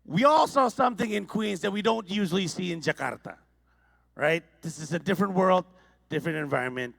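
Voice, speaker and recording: A man with an Indonesian accent doing a stand-up comedy set, with deadpan setups and playful crowd work. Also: high voice, a little fast, vocal fry. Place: large conference hall with audience.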